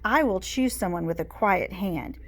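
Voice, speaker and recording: A woman's voice: mid-range voice, animated, normal speed. A woman voicing a patient but firm female schoolteacher in a storybook read aloud, in an orderly classroom tone. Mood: firm teacherly.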